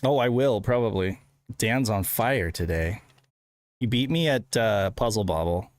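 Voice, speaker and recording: A man from the United States hosting a casual gaming livestream, excitable and jokey, breaking into loud protests. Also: on the low side, a little slow, no echo, clean studio sound. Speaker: stream host.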